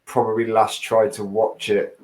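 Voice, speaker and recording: A man's voice: on the low side, monotone, normal speed, darkish tone. Enthusiastic man chiming in. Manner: enthusiastic, chipping in with agreement. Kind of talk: casual chat.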